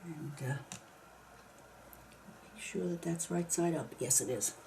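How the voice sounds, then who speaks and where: A woman's voice: lowish voice, steady tone, slow pace, creaky, warm tone, a little hiss or hum. A woman casually talking herself through a craft project step by step, now and then grumbling mildly at the work. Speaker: craft video maker. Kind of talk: casual narration while crafting.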